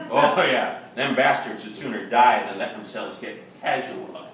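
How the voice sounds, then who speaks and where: At a live reading in a bar's upstairs room, a man voices a boastful, folksy Wisconsin fisherman spinning a comic tall tale in ungrammatical backwoods talk. His voice is natural, medium-pitched and fairly bright, with a measured pace. The echoey room, distant mic and slight background noise color the recording.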